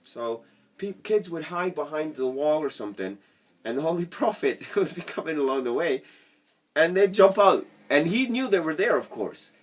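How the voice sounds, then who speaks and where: A man's voice: fairly high pitch, sing-song, normal speed. A man giving a casual, rambling sales lesson to camera from his basement apartment and often drifting off on tangents. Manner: rambling, chatty, goes off on tangents. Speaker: sales trainer.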